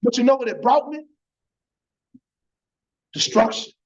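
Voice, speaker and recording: A man's voice: very high-pitched, lively intonation, measured pace. A man giving an impassioned church testimony, repeating phrases and tagging lines with "man". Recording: dull lo-fi church stream.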